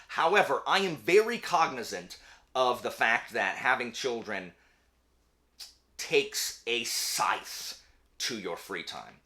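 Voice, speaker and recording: Young male host, casual and animated, bright voice, prone to rants. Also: mid-range voice. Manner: animated, ranting, quick asides. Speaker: channel host; teacher. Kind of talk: casual chat.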